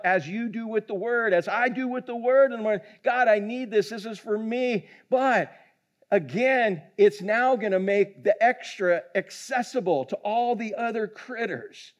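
High-voiced folksy preacher. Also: male voice. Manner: folksy, humorous storytelling. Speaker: pastor. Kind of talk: sermon. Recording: dull lo-fi recording.

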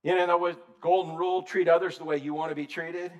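A man preaching an informal sermon to a men's group, folksy and rambling, swinging between loud and soft. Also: fairly high pitch, little pitch movement, quick pace. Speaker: preacher leading a men's Bible study.

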